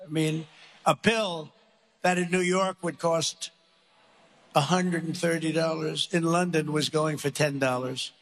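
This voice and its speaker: A man's voice: on the high side, gravelly, fairly bright tone. A man giving a rambling, boastful rally speech, repeating numbers and drifting into asides. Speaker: politician speaking at a rally.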